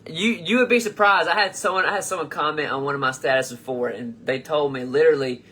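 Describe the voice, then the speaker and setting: Young man, livestream host, bright forceful voice, slightly high pitch, rambling, profane, reads comments aloud. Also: quick pace, slightly rough. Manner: rambling and profane, with frequent restarts. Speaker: comedian host of a live show. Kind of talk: casual livestream reading fan comments aloud.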